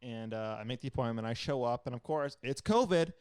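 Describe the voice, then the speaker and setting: A man's voice: mid-range voice, brisk, smooth, no room sound, studio quality. A young man co-hosting a podcast, telling a rambling, profane story in casual chat. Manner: storytelling, profane, animated retellings. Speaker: podcast co-host.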